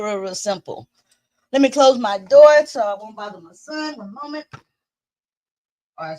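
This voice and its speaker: A woman's voice: on the high side, no room sound. A woman hosting a home livestream who chats loosely with her viewers, greets them by name and laughs often, and sounds a little winded. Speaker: host of a livestream commenting on trials. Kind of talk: casual livestream chat with viewers. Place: small room at home.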